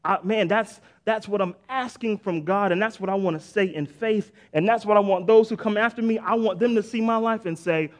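Here a middle-aged man preaches a casual, chatty sermon, leaning on "man" and "right?", restarting often and punching words with sudden emphasis. His voice sits high, and he talks a little fast with few pauses.

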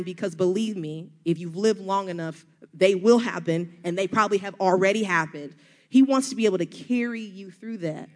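A middle-aged woman with a Southern US accent, preaching an earnest, encouraging sermon full of rhetorical questions. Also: fairly low pitch.

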